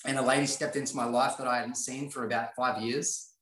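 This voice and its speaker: An earnest man of ordinary pitch tells his story in a motivational way, circling back and repeating key phrases for weight. The room around him is roomy and echoing. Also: little pitch movement, fairly quick, a bit bright. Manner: earnest, repetitive, emphatic. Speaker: guest sharing his life story. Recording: roomy echo.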